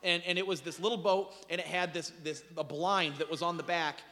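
In a big-sounding room, a pastor preaches a sermon at a fairly quick clip. His storytelling is animated, with dramatic swings in both pitch and volume.

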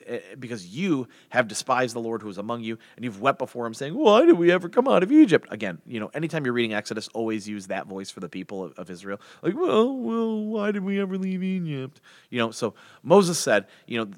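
A man teaches a Bible passage in easy, conversational, animated speech, slipping into voices to act out the characters. His medium-pitched voice sits in a middle register, and a long reverb trails after his words.

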